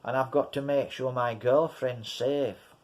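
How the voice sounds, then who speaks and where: Slow-talking English man telling a story. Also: medium pitch, steady tone, a little mellow. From England. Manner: rambling, repeats himself, addresses viewers as guys. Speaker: vlogger. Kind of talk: casual storytelling to camera.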